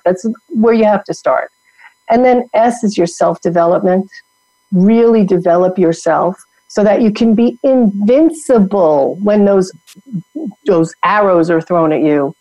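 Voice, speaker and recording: Motivational podcast guest, woman, emphatic coaching delivery, mellow tone, dead-dry sound. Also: medium pitch, dry recording, low-quality recording. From New York. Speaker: guest, women's network founder.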